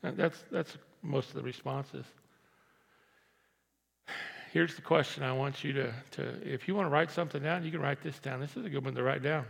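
A man preaching a conversational sermon as pastor, moving from quiet asides to loud, emphatic repeated lines. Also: mid-range voice, fairly even intonation, moderate pace, creaky, slightly rough. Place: large church hall. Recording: long reverb of a church hall.

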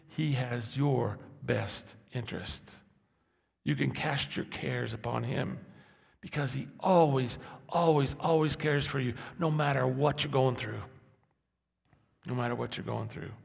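A male pastor preaches with a heavily gravelly, husky voice. He moves from quiet talk to loud, insistent repetition, and his words ring out with a long reverb in a church hall. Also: mid-range voice. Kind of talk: sermon.

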